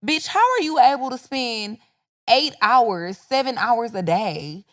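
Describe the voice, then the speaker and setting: A woman's voice: fairly high pitch, very animated, slow pace, fairly bright tone. A young adult woman co-hosting a podcast in casual chat, playful, laughing and blunt. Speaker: podcast co-host.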